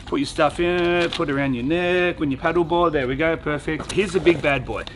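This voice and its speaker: Upbeat high-voiced guy. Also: fairly quick, noisy background. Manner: upbeat, chatty, thinks aloud while unpacking. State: out of breath after pumping. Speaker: vlogger reviewing gear. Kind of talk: casual product review vlog. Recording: music playing underneath.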